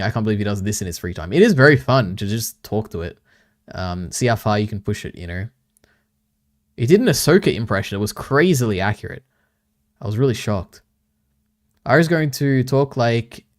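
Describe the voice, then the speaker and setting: A man with a fairly low voice chats on a livestream in a loose, casual way. He reads viewer messages aloud and answers them with easy chuckles. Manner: reads chat aloud and banters back, chuckling often. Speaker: streamer.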